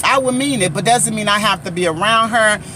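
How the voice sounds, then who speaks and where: Bright-voiced woman telling a story to viewers. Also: medium pitch, a little fast, slight background noise. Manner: emphatic, keeps addressing viewers as guys and asking their opinion. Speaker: vlogger and faith prophetess. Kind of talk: story time vlog. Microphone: phone.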